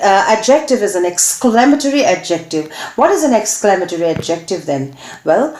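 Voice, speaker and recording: A woman teacher with an Indian English accent giving a grammar lesson, halting with many fillers and checking questions to the class. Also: on the high side, a little mellow. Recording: echoey room.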